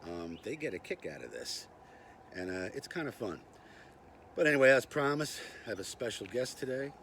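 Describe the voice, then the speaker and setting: A man's voice: mid-range voice, sing-song, moderate pace, fairly bright tone, a little hiss or hum. An older man hosting a casual knife and gear review vlog, chatty and self-deprecating with lots of "uh" and "anyway.". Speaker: knife review channel host.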